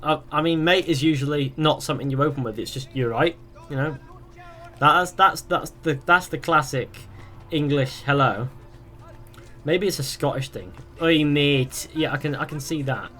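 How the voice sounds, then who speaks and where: A man's voice: a little high, normal speed, sharp tone. A young man streaming a game live, chatting casually and reading viewers' questions aloud before rambling through his answers. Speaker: gaming streamer.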